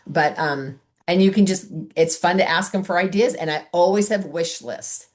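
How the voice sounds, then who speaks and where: A woman's voice: on the low side, moderate pace. A middle-aged woman on a video call, chatting casually as she coaches a sales team and acts out talks with customers.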